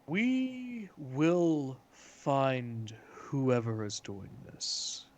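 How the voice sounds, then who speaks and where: A man voicing a stern male nation leader who speaks in slow, measured pronouncements. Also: medium pitch, animated, a little mellow.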